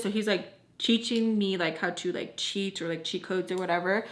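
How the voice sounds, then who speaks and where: A woman's voice: mid-range voice, fairly even intonation, moderate pace. Rambling young woman telling a story. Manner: rambling, filler-heavy talk. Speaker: vlogger. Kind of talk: casual storytelling.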